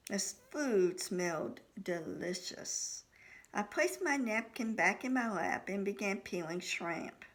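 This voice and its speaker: A woman's voice: medium pitch, animated, takes it slowly. A woman reading her own novel aloud in the first person, voicing the dialogue of each character. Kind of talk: audiobook narration.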